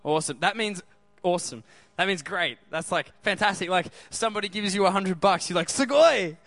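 A man preaches with a bright, high-pitched voice. He keeps the crowd involved with quick questions. The sound is close and dry, with little room around it. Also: no room sound. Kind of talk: sermon.

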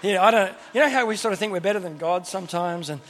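A male preacher with a high-pitched, forceful voice delivers a sermon to a gathered crowd. He tells the stories with humor and plays the characters in between his own questions to the listeners. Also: rapid-fire. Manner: lively storyteller who acts out Bible characters with humorous asides; speaks to a crowd with frequent questions.

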